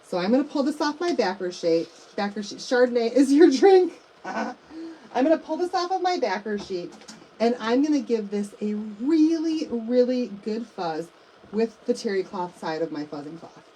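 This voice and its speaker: Middle-aged woman, mellow voice, friendly live craft demo host, faint hum behind. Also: a little high, lively intonation, moderate pace, poor audio. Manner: chatty, addresses viewers as you guys and y'all.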